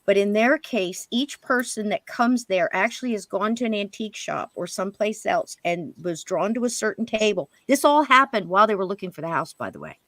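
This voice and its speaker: A woman's voice: mid-range voice, no room sound. Storytelling woman, dry close sound. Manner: animated, quotes spirits and herself in hushed voice. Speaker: guest medium on a paranormal show. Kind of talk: storytelling interview.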